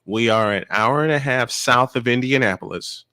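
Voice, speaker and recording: A man's voice: mid-range voice, normal speed, sharp tone, clean tone, no room sound, clean studio sound. A man from Chicago chatting casually about sports as a podcast co-host, emphatic and full of stories. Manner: emphatic, tells stories with lots of affirming fillers.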